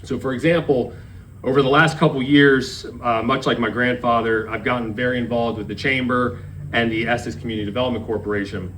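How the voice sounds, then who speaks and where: A man's voice: medium pitch, steady tone, brisk, a bit bright, slight background noise, low-quality recording. A man in his thirties from Maryland giving a eulogy for his grandfather, telling a story and acting out the quoted dialogue. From Maryland, USA. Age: 30s. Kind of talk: memorial speech. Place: memorial service.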